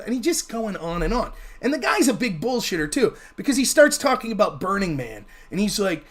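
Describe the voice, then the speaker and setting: High-voiced guy telling a rambling swear-heavy story on his stream, loose and chatty. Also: a little fast, hardly any pauses. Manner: profane, rambling, animated storyteller. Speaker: livestream host. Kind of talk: casual storytelling.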